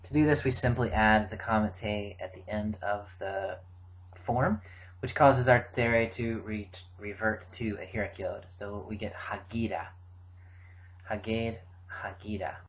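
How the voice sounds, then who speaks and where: A middle-aged man giving a recorded grammar lecture, explaining forms in a measured way with frequent fillers. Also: fairly low pitch, rough recording. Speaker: Biblical Hebrew teacher.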